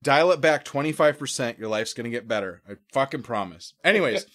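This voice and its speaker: A man talking as a podcast guest, telling a story in a casual, profane, animated way and acting out voices. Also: medium pitch, fairly quick.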